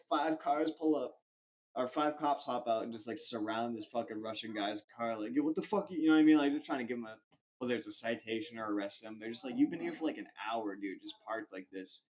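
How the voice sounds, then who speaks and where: A man's voice: mid-range voice, brisk. A young man on a casual podcast, telling a rambling, slangy story full of "like". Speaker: podcast co-host.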